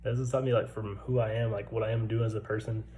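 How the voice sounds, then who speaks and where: A man's voice: on the low side, little pitch movement, quick pace, mellow, poor audio. Laid-back stuttering man in his twenties. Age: 20s. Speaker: vlogger. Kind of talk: casual personal storytelling. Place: military barracks room.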